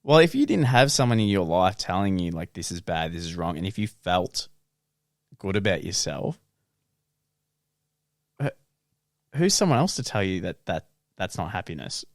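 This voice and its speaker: Low-voiced laid-back man. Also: moderate pace, long pauses, no echo, studio quality. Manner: relaxed, frank, swears casually. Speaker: podcast co-host. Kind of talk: casual chat.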